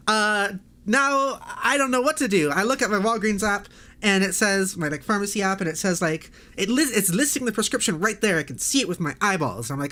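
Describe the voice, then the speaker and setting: A woman streamer venting to her chat in a loose, exasperated rant. She swears freely and laughs between complaints. Her voice sits at a middling pitch. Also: lively intonation, quick pace, fairly bright tone. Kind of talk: casual livestream chat.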